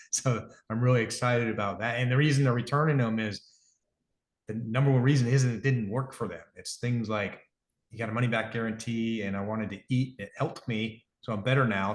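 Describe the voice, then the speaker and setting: A middle-aged man talking casually as an interview guest, rambling, correcting himself as he goes, earnest about his business. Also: lowish voice. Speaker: guest, device company founder. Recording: roomy echo.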